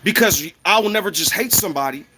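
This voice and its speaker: A man's voice: high-pitched, expressive, quick pace, bright, forceful tone, slight background noise. A man ranting in a casual, heated, profane monologue, often repeating himself.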